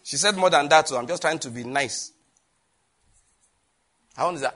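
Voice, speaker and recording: A man delivering a sermon in a husky, somewhat high voice. He preaches in a lively way, laughing often and throwing questions out to his listeners. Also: normal speed, long pauses. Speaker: pastor.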